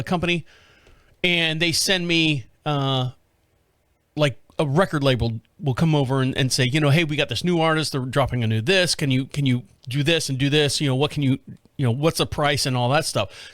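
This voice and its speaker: Animated American man telling a story. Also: a little high, fairly quick, dry recording, studio quality. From United States. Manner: rambling, animated retelling with frequent restarts and laughs; swears casually. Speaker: podcast host. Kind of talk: casual storytelling monologue.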